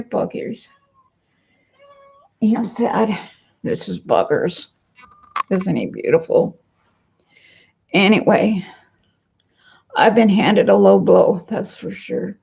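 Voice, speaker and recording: A woman's voice: fairly high pitch, gravelly, dark tone, husky. A woman vlogging casually from her home into a computer webcam, rambling in a downcast way and reading viewer comments aloud. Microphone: computer webcam mic. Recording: dull lo-fi webcam audio.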